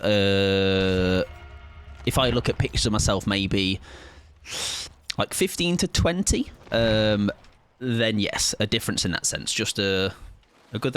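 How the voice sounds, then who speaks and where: A man's voice: fairly low pitch, fairly bright tone, a little hiss or hum. A man in his thirties chatting casually and joking with his audience while streaming a game. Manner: joking, self-mocking banter with chat. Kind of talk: casual chat while gaming.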